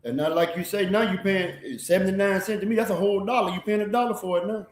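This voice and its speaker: A man's voice: high voice, quick pace, roomy sound. A man, a guest chatting casually and easygoingly. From Mississippi. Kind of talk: casual interview chat.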